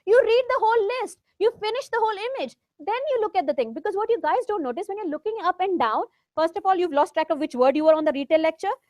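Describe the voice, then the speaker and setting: A woman's voice: extremely high pitch, animated, fast talker, few pauses, a little mellow, dry recording, clean studio sound. A woman with an Indian accent coaching students for an English exam in a classroom, mixing in Hindi and coaxing them to try.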